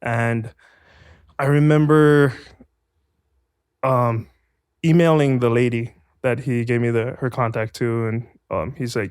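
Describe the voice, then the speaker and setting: A man's voice: mid-range voice, measured pace, pauses often, clean tone, no echo, studio quality. A man from Hawaii, a guest actor, telling a story casually and animatedly, acting out the voices of the people in it. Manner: animated, acts out voices in his stories.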